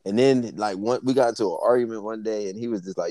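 A man's voice: on the low side, fast talker, few pauses, dark tone, dry recording. A young man co-hosting a podcast, telling a long story in loose, profane casual chat full of "like" and "yo". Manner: rambling, profane, fillers of "like" and "yo". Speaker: podcast co-host.

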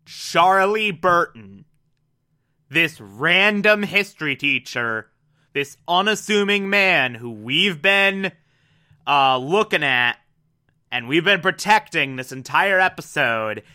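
A man's voice: a little high, animated, takes it slowly, bright, forceful tone, clean tone. A man giving an enthusiastic, casual recap and review of a TV episode, with sudden asides and the odd swear.

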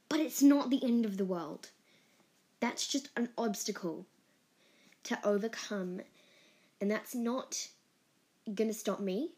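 A woman hosting her own podcast in a casual solo monologue, earnest and openly emotional, with giggles and bursts of excitement. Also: mid-range voice. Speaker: podcast host.

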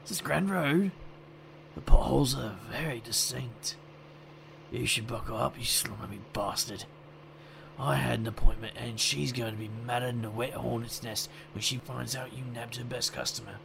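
A man's voice: medium pitch, moderate pace, gravelly, background noise, lightly acted. A man voicing a wry, sardonic male detective who narrates in first person, with dry wisecracking asides.

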